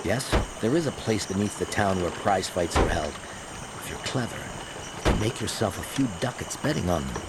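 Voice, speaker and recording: An actor playing a friendly, weathered ship captain in a fantasy game, speaking in measured storytelling dialogue. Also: male voice, low-pitched, expressive, very noisy.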